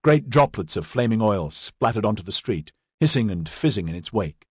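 Male narrator, scripted audiobook reading, steady and even, low voice, dry close sound. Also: moderate pace, husky, dry recording.

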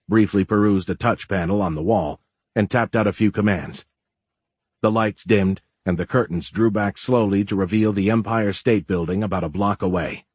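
A man reading a story aloud as narrator, in a measured, even storytelling manner. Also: on the low side, breathy edge, no echo. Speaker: audiobook narrator. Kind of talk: scripted narration.

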